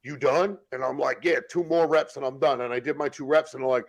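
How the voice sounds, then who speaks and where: A guest telling prison stories in casual chat, this man talks quickly with a medium pitch, fairly even intonation and vocal fry. He swears a lot and acts out what others said, captured in a rough recording with no echo.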